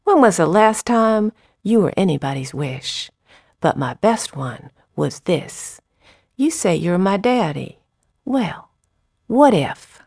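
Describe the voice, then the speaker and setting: A woman poet reading her poems aloud with unhurried, expressive phrasing and short spoken introductions. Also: on the low side, dry recording.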